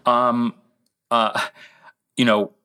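A man's voice: mid-range voice, little pitch movement, extremely slow, bright, forceful tone, clear, resonant tone. A middle-aged man co-hosting a podcast, telling a long rambling story with tangents and self-deprecating asides. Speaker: podcast co-host.

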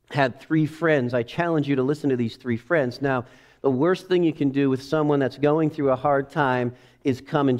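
A man preaching a sermon, moving between quiet reflective passages and loud, rising exclamations. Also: medium pitch. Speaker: pastor.

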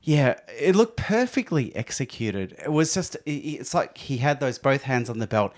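Playful man with a lively, swooping voice. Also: medium pitch, normal speed. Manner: joking, playful, emphatic retelling. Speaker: podcast co-host. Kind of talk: casual sports chat.

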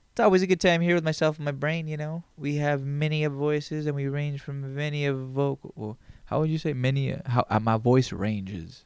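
A man chats alone into a close microphone, his voice carrying a gravelly, creaky texture. He rambles, jokes and curses freely, sounding loose and unscripted. The room sound is dry. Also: medium pitch, darkish tone, dry recording. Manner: rambling, profane, joking. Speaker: podcast host. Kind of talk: casual solo podcast monologue. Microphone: headphones on, close mic.

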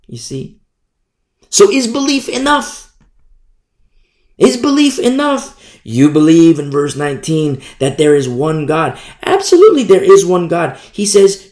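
Lively gravelly man preaching, slow and emphatic. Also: a little high, reverberant. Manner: emphatic, repeats phrases, rhetorical questions. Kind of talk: sermon.

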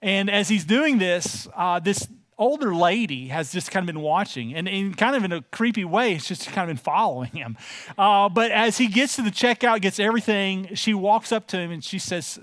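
A man's voice: high voice, lively intonation, normal speed, fairly bright tone, no room sound. A man in his forties preaching a sermon to his church in a conversational, folksy way, with frequent filler sounds. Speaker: pastor.

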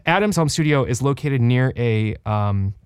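Animated, joking male podcast co-host. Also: medium pitch, a little slow, clean tone, dry recording, studio quality. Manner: animated, swears freely, jokey. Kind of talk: casual podcast chat. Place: home studio.

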